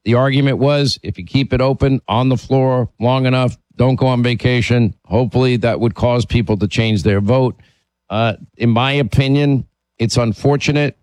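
A man's voice: mid-range voice, moderate pace, darkish tone, no echo. A man hosting a call-in talk radio show, talking emphatically and opinionatedly, sometimes restarting his sentences.

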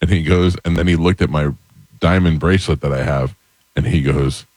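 A middle-aged man hosting a talk show, telling funny stories in an animated, chatty way and acting out the quotes. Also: a bass voice, normal speed, no echo. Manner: animated storyteller, acts out quotes. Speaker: radio show host. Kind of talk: casual storytelling chat.

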